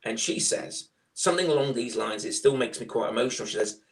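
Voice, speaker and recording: A middle-aged man with a Liverpool accent telling his fostering story in a loud, chatty, animated way. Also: mid-range voice, a little fast, slight background noise. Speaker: foster carer guest. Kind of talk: casual storytelling.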